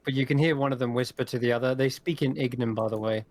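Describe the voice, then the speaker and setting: A man's voice: mid-range voice, fairly even intonation, fast talker, a little mellow. A man running a tabletop role-playing game as game master, describing scenes in detail and laughing easily.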